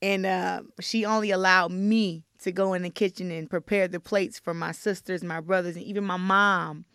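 Young woman guest, lowish smooth voice, halting with fillers, dry close mic. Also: steady tone, fairly bright tone, no room sound. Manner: halting, many fillers, candid. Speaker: interview guest. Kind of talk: casual interview talk.

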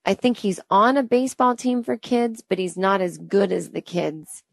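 A woman's voice: medium pitch, vocal fry, dry recording. Exasperated woman telling a comic story. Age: 30s. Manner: exasperated, rambling and self-deprecating. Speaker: podcast host. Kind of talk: comedic storytelling monologue.

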